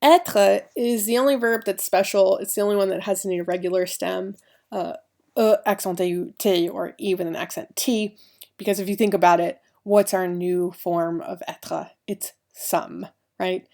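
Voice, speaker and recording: A woman's voice: mid-range voice, steady tone, moderate pace, creaky, darkish tone. A woman teaching a recorded French grammar lesson, explaining each step and spelling out letters.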